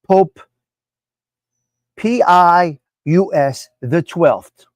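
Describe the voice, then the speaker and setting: A man's voice: sits high, expressive, very slow, dry recording. A man from New Jersey with a New Jersey accent, hosting a live stream and talking bluntly, repeating himself for emphasis. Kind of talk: casual opinionated live stream talk.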